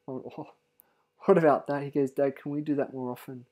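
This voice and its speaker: A man's voice: mid-range voice, fairly even intonation, fairly quick, warm tone. A middle-aged man, giving an earnest, heartfelt parent's testimonial in a casual way and often restarting his sentences.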